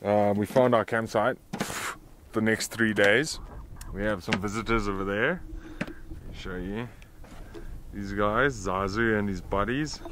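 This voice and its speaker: A man's voice: on the low side, unhurried, pauses often, a little hiss or hum. Chatty young man vlogging outdoors. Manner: chatty, jokey, relaxed narration to camera. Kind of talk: casual travel vlog. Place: outdoor bush campsite.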